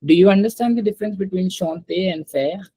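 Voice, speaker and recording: A woman's voice: medium pitch, fairly quick, dark tone, husky, no room sound, low-quality recording. A woman teaching French pronunciation to a small online class, patiently repeating and checking understanding over a video call.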